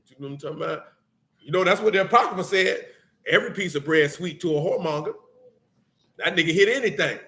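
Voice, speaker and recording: A man's voice: a little high, bright, forceful tone. A man preaching a blunt, street-talking sermon mixed with scripture reading. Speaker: teacher.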